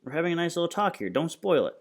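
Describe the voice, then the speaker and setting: A man reading aloud and voicing a huge, menacing biker boss in a gruff, bullying tone. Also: fairly high pitch, very animated, rapid-fire, pitched above the performer's own voice.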